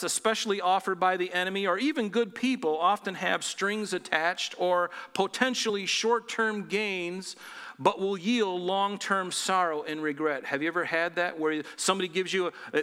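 A man preaching a sermon as pastor, animated and full of rhetorical questions. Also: sits high, clean tone, in a large hall.

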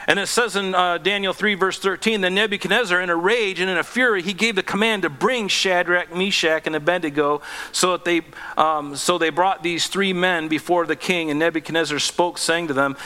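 A man preaching a sermon, telling Bible stories with lively, acted-out quotes and chuckles. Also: high-pitched, brisk. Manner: animated storytelling, acting out scripture quotes, chuckling. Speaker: pastor.

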